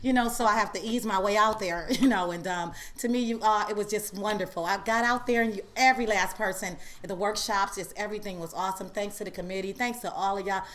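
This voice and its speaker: A woman sharing her story at a recovery meeting, laughing often and telling it with animated energy. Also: medium pitch, fast, few pauses. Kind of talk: personal sharing.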